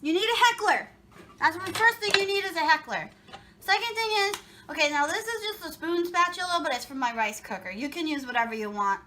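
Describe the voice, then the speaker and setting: A woman's voice: very high-pitched, expressive, brisk, sharp tone, a little hiss or hum. A woman vlogger chatting casually and jokingly while making a recipe in her home kitchen. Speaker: cooking vlogger. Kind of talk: casual chat while cooking.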